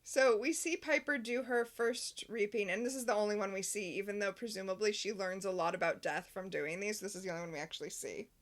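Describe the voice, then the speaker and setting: A woman's voice: mid-range voice, steady tone, a little fast, hardly any pauses. A woman co-hosting a podcast, recapping a TV episode in casual chat with a wry, sarcastic edge. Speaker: podcast co-host.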